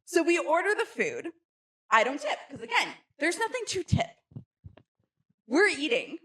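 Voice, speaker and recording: Lively high-voiced woman telling a story. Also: a little slow. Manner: animated storyteller who acts out quoted people, laughing often. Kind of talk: animated storytelling, casual chat.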